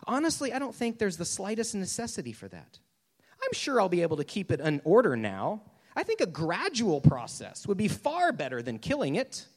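A man's voice: high voice, wildly swooping pitch, normal speed, big-room sound, heavily acted. A man voicing a fretful male ghost who pleads and makes excuses during a story reading. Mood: pleading. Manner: flustered, pleading, making excuses.

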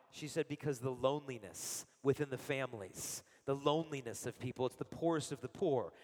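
A man's voice: a little high, in a large hall. A middle-aged man giving a sermon full of personal stories, acting out the quotes he tells. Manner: animated storyteller, acts out quotes. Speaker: speaker giving a Catholic talk.

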